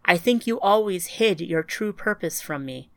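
A woman's voice: fairly low pitch, expressive, moderate pace, dry recording. A woman playing a grieving older woman with grandchildren, speaking in an earnest, strained, searching way in an audiobook. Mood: resolute.

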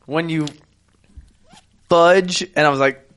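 A man in his twenties hosting a casual podcast, telling stories in a profane, animated way. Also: on the high side, takes it slowly, clear, resonant tone. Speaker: podcast host. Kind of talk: casual chat.

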